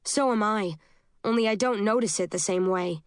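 Woman, audiobook narrator, first-person novel, steady measured reading, dry sound. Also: medium pitch, clean tone, no room sound.

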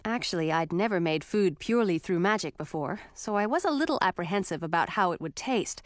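A woman narrating a first-person fantasy audiobook in a clear, expressive storytelling voice. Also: on the low side, fairly quick, no echo, studio quality.

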